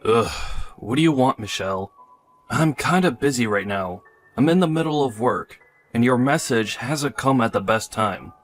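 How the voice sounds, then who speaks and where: An impatient husband brushes off questions in an ordinary mid-pitched voice, a man acting him out. He sounds evasive and busy, and soft music plays underneath. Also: expressive, normal speed, natural voice. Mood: dismissive. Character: dismissive husband at work, evasive. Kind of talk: text-story voice acting.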